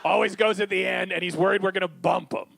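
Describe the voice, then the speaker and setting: Man hosting live comedy show, high voice, heavy vocal fry, brash mocking banter. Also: fairly even intonation, quick pace. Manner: brash, mocking, bursts of shouting. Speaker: comedy podcast host playing a dad. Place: live theater stage with audience.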